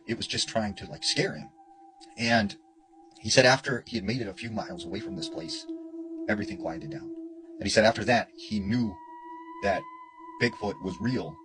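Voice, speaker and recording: A man's voice: on the low side, wildly swooping pitch, moderate pace, pauses often, fairly bright tone, a little hiss or hum, low-quality recording. A man retelling a story in a casual, conversational way, with lots of "you know" and "like". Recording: music playing underneath.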